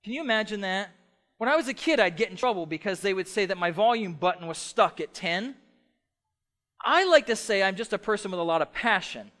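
A middle-aged man preaching a sermon as pastor, passionate, shifting between loud emphatic stretches and soft quiet ones. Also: high voice, lively intonation, brisk.

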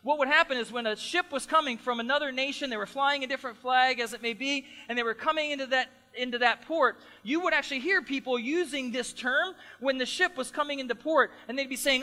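Male pastor, middle-aged, higher voice, emphatic sermon in a reverberant church hall. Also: normal speed, pushed and bright. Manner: earnest, emphatic preaching with repeated phrases.

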